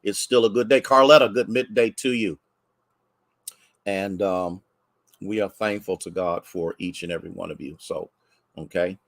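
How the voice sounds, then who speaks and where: An American man, a pastor, chatting warmly with livestream viewers and greeting them by name, a bit congested from sneezing. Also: low-pitched, steady tone, moderate pace, long pauses, no room sound.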